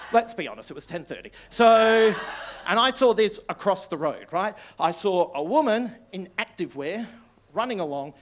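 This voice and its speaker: Australian man in his 60s, stand-up comedian, high voice, excitable, swears a lot, rambling stories. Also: a little hiss or hum. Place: comedy club stage.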